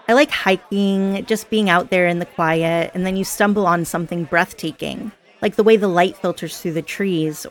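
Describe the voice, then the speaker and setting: A woman's voice: mid-range voice, close to an everyday voice. A woman playing a chatty, giggly party girl. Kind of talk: scripted audio role-play.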